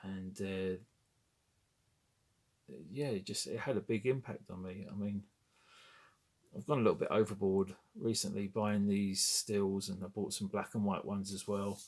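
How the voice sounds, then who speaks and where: In a relaxed chat, a British man in his forties shows his film memorabilia, wandering off topic with dry humor and often correcting himself. His voice is fairly low, a little mellow and breathy, with fairly even intonation and a slightly slow pace.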